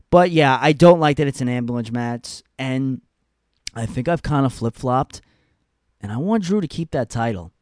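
A man's voice: medium pitch, dry recording, clean studio sound. A young man giving casual, profane, rambling opinions on wrestling storylines, full of fillers and asides. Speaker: wrestling commentary podcaster.

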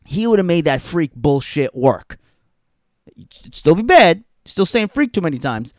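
A man's voice: a little high, very animated, unhurried, a little mellow, dry recording, clean studio sound. A young adult man hosting a podcast, ranting in a blunt, profane way and repeating points for emphasis. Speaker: podcast host. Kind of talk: casual ranting commentary.

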